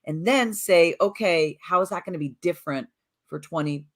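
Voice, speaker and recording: A woman's voice: on the low side, moderate pace. Supportive woman podcast co-host. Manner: supportive, brief interjections. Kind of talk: casual chat.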